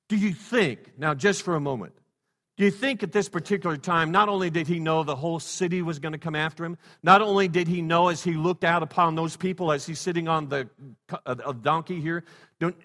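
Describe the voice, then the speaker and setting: Man, pastor's sermon, bright forceful voice, loud-to-hushed swings, long church-hall reverb. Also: a little high. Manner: repetitive, rhetorical questions. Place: church sanctuary.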